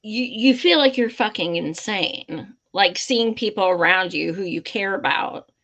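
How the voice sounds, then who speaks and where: A woman's voice: medium pitch, unhurried, a bit bright, highs cut off. A woman hosting a live commentary stream, impassioned and blunt, swearing freely. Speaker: livestream host.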